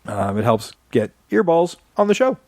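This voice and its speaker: A man co-hosting a podcast in relaxed, casual chat, laughing often and reading out show plugs. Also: a little high, moderate pace, no room sound. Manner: easygoing, laughs often, fillers and restarts. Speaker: podcast co-host.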